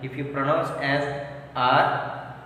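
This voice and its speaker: A man teaches a classroom grammar lesson, speaking very slowly and repeating each letter and example. His voice is heard from a distance in a hall with heavy echo and a faint hiss underneath. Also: medium pitch, fairly bright tone. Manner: slow, repetitive, drills letters aloud. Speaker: English teacher. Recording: echoey hall from far off, faint noise.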